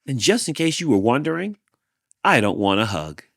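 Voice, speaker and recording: A man voicing a grumpy male cactus who yells at everyone to keep away. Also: fairly high pitch, huge pitch swings, unhurried, gravelly, breathy edge, no echo, studio quality, pitched above the performer's own voice, exaggerated voice. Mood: cranky yelling. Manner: yelling, cranky, shooing everyone off.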